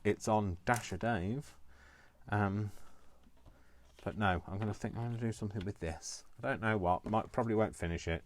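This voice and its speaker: A man's voice: lowish voice, moderate pace. A man in his fifties chatting casually on a live crafting stream from his home kitchen, rambling with playful asides. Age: 50s. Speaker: crafting vlogger.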